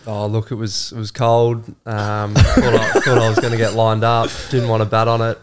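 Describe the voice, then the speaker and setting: A man's voice: on the low side, completely flat delivery, normal speed, background noise. A young man, a guest cricketer, chatting in a laid-back, understated way and sounding hungover. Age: young adult. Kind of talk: casual chat.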